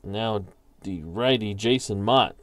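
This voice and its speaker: A man calling play-by-play for a tabletop baseball simulation, slowly reading out dice rolls and player stats. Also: lowish voice, fairly bright tone. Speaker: league commissioner calling a tabletop baseball sim. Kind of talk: play-by-play commentary.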